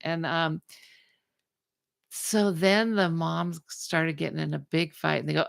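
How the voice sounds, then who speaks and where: Low gravelly woman host, animated storyteller, dry close sound. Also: measured pace, no room sound. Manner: animated, acts out the people in her story. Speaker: podcast host. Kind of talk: casual storytelling chat.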